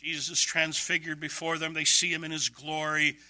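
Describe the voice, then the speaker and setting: A man preaching an expository sermon, emphatic, with quick bursts and slow, stressed words. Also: a little high, little pitch movement, bright, forceful tone, dry recording.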